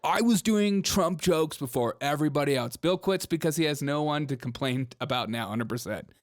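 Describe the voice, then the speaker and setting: A man's voice: medium pitch, fairly quick, no echo, studio quality. A man hosting a comedic commentary show, mocking clips sarcastically and laughing often.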